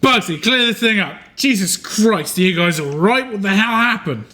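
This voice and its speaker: A man's voice: high voice, expressive, moderate pace, sharp tone, voice pushed up. A man playing a blunt, exasperated diner manager who swears freely, in a tabletop game. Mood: annoyed.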